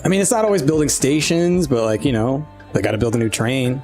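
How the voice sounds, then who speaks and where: Halting, filler-heavy man at a game table. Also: mid-range voice, darkish tone, faint music behind. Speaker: game master. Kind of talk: tabletop role-play.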